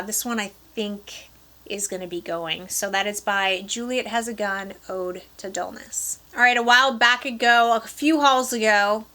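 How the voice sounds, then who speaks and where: Woman in her thirties, Upper Peninsula Michigan accent, bright voice, chatty vlogger reviewing at close range. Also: medium pitch. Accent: Upper Peninsula Michigan (Yooper). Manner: chatty, enthusiastic, addresses viewers directly. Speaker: perfume vlogger. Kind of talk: casual product review to camera.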